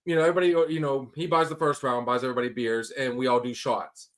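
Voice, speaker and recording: A man co-hosting a casual podcast chat, telling stories in an animated way and swearing freely. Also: medium pitch, fast talker. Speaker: podcast co-host.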